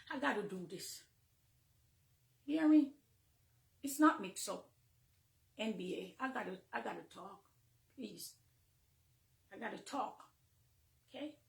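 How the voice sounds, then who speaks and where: High-voiced Jamaican woman minister testifying. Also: animated, slow, gravelly, pauses often, echoey room. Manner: emotional and confessional, swinging from hushed to fervent. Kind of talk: impassioned testimony from the pulpit. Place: church, near the pulpit.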